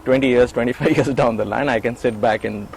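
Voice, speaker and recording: In an interview, a middle-aged man who used to work as an attendant animatedly tells stories, acting out quoted lines and often restarting or repeating words. He talks fast in a mid-range voice with vocal fry. The recording is low quality, with slight background noise.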